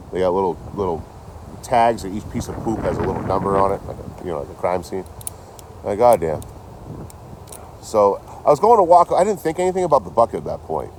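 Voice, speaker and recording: A man with a low, deep voice rattles off a story at a quick clip, swearing freely and acting out both sides of each conversation. He records on a phone outdoors, with a faint wash of outdoor ambience behind him. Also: a little hiss or hum. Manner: rambling, profane, animated retelling with quoted dialogue. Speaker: vlogger. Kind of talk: casual storytelling vlog. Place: outdoors near trees and a road. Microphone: handheld phone.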